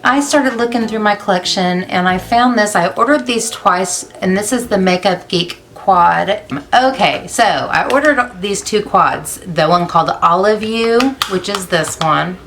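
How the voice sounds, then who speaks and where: A woman's voice: medium pitch, measured pace, hardly any pauses, a bit bright, slight background noise. A woman hosting a casual makeup vlog, chatty and rambling, laughing at her own jokes. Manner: chatty, rambling, self-amused. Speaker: beauty vlogger.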